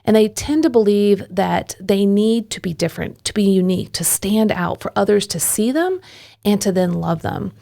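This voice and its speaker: A woman co-hosting a podcast, explaining in a smooth, steady way. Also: medium pitch, moderate pace. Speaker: podcast co-host.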